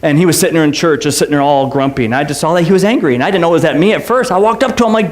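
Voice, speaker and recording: A man preaching a sermon as pastor, swinging between impassioned, rising appeals and quick, conversational storytelling. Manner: impassioned preaching, voice climbing high on repeated lines.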